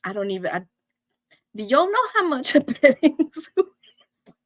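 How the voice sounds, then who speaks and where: A woman's voice: high voice, big pitch swings, moderate pace, fairly bright tone, no echo. A middle-aged woman, hosting a weekly live show and chatting casually with viewers, laughing between nearly every line.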